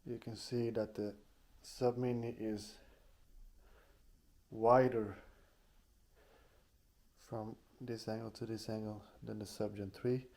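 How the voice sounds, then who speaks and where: A man's voice: fairly low pitch, flat delivery, takes it slowly, pauses often, darkish tone. A man doing a casual product unboxing at home in his apartment, speaking plainly and often restarting his phrases. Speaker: tech reviewer.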